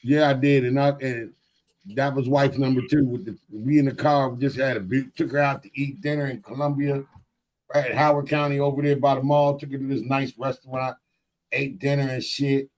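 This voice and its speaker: A middle-aged man co-hosting a podcast, telling stories in blunt, profane, animated casual chat. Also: mid-range voice, normal speed, poor audio. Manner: blunt and emphatic. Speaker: podcast co-host.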